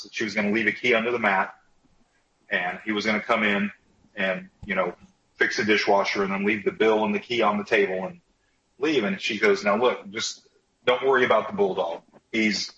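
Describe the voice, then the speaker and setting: A folksy male podcast host chatting and spinning a joke, with a lowish, bright, forceful voice. The recording is roomy and dull, with faint noise behind him. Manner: folksy, says "man" and "y'all". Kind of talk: casual chat and joke telling.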